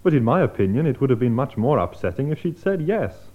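Homem fazendo um amigo calmo e irônico. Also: male voice, mid-range voice, fast, phone-quality sound, slight background noise, lightly acted. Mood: wry. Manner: dry, ironic. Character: calm, dry-witted man consoling a rejected friend. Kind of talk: scripted radio-style drama for learners.

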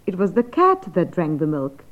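A woman's voice: fairly low pitch, wildly swooping pitch, moderate pace, fairly bright tone. Polite woman student on tinny tape. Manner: polite, inquisitive. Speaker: student in a lesson. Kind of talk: scripted language lesson. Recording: tinny phone-like old recording.

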